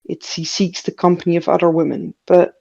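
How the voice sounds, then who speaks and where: A woman's voice: fairly low pitch, little pitch movement, brisk, gravelly, warm tone, muffled recording. A woman on a fan podcast panel, talking in a casual, conversational way.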